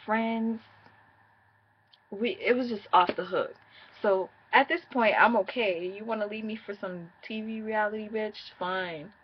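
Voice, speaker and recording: A woman's voice: medium pitch, a little slow, muffled recording, slight background noise. A woman telling a personal breakup story in a casual, candid, profane way, speaking straight to her viewers.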